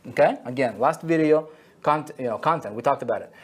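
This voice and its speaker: A man's voice: medium pitch, a little fast, husky. A man teaching an online marketing lesson at a whiteboard, repeating key phrases and checking in with "okay?" and "right?" after each point.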